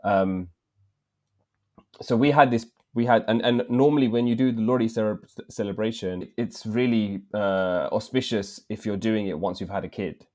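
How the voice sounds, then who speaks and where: A man's voice: on the low side, normal speed. A man with an English accent in his thirties, telling a story in casual podcast chat with lots of slang. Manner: slangy, animated, drops in "bruv" often. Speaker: podcast co-host.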